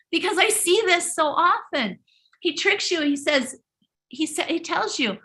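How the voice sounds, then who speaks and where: Bright, high-voiced impassioned woman speaker. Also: animated, measured pace. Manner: emphatic, preachy, repeats and restarts words. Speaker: host of a live motivational stream. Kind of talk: impassioned motivational talk.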